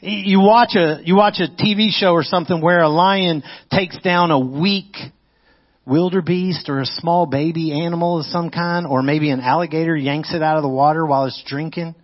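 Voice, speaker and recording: Impassioned preacher with a drawl. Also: male voice, a little high, normal speed. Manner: impassioned, swinging between loud excitement and quiet intensity. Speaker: pastor. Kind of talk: sermon. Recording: muffled lo-fi audio.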